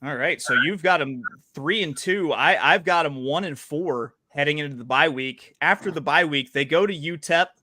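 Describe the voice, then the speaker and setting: Bright-voiced, higher man in casual sports chat. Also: normal speed, few pauses. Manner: chatty, playful, with frequent fillers. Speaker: podcast host.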